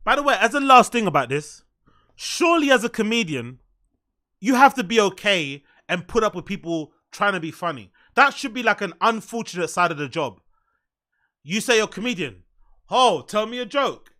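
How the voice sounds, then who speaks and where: A man giving sarcastic, teasing commentary on a clip, riffing quickly and mocking the speaker. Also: sits high, pushed and bright. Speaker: reaction commentator.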